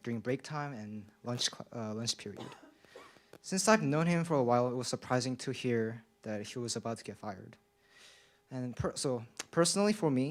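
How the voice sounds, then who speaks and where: A young man whose first language is not English, reading a nervous, shaky public comment at a school board meeting, with many fillers and restarts. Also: medium pitch. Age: young adult. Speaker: public commenter, college student. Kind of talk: nervous prepared speech.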